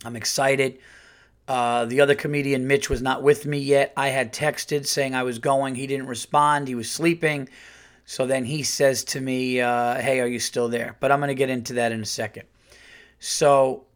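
A middle-aged male comedian hosting a podcast, telling an exasperated story in a casual, animated way and acting out the quotes. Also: medium pitch. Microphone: podcast studio mic.

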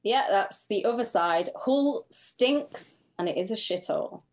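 A woman's voice: mid-range voice, animated. A woman from northern England with a northern English accent, co-hosting a podcast in blunt, sardonic casual chat. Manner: blunt and sardonic, quick to dismiss places. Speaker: podcast co-host.

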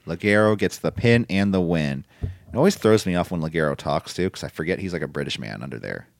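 A man's voice: low-pitched, lively intonation, fast talker, vocal fry, dry recording. A man co-hosting a podcast, casually chatting and recapping wrestling matches, swearing now and then. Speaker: podcast co-host. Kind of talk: casual wrestling review chat.

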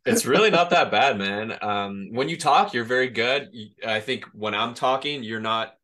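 A man hosting an interview podcast, talking quickly and chatting easily with his guest. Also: medium pitch, sharp tone. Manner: fast-talking, friendly, chatty. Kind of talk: casual interview.

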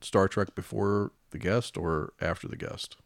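A man's voice: low-pitched, a little slow, creaky, no echo. A man co-hosting a podcast in casual chat, laid-back with dry short replies. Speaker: podcast co-host.

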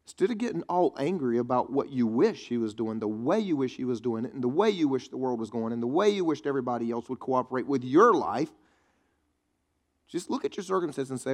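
A pastor preaching a sermon in a chatty, joking way, teasing the congregation. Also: male voice, mid-range voice, lively intonation, a little fast. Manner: conversational preaching with quips to the congregation.

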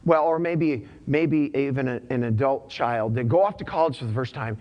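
A man's voice: medium pitch, moderate pace, dull audio. Man preaching a casual sermon. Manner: conversational, repeats himself, casual slang. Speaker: pastor.

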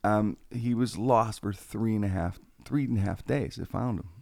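A man's voice: fairly low pitch, moderate pace, vocal fry, no room sound. A man, a radio personality telling stories on a casual podcast, acting out quoted lines with animation. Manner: animated, acts out quotes in a raised voice.

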